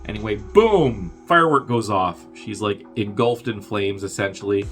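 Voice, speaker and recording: A fairly low-pitched man hosts a podcast and talks through a movie's plot in a loose, rambling way. He keeps it offhand and breaks into quick character impressions. Faint music sits under his voice. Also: lively intonation, fairly bright tone. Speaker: podcast host. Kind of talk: casual movie recap.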